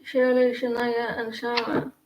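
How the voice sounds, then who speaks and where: A woman's voice: a little high, completely flat delivery, unhurried, muffled recording. A woman giving casual tarot readings on a live stream, chatty and rambling, often laughing. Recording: echoey room, faint noise.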